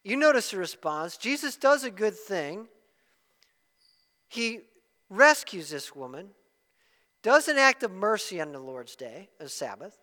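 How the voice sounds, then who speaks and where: A male pastor preaching a sermon with a high, bright voice that rings in the long reverb of a large hall. He swings between hushed asides and loud, emphatic exclamations. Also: sing-song, a little slow, pauses often.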